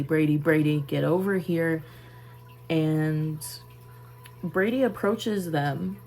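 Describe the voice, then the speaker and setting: A young woman telling a personal story in a casual vlog, halting and trailing off into soft asides while busy with a task. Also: deep voice, vocal fry, poor audio. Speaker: vlogger.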